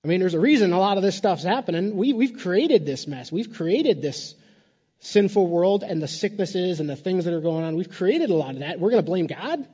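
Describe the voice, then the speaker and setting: A man's voice: sits high, lively intonation, normal speed, dark tone, husky, long reverb tail, muffled recording. A man preaching a sermon in a conversational way, repeating words and adding playful asides. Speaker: pastor.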